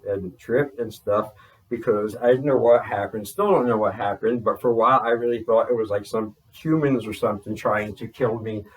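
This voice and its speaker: A man's voice: mid-range voice, distant mic, rough recording. A man from New Jersey telling a story in loose, rambling talk full of fillers and swearing. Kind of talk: casual spoken account.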